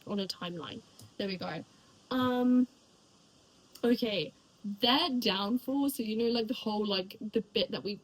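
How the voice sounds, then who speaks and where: A woman's voice: on the high side, slightly rough, poor audio. A young woman chatting casually about the books she read, rambling with lots of fillers and likes. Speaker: book reviewer. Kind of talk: casual chat.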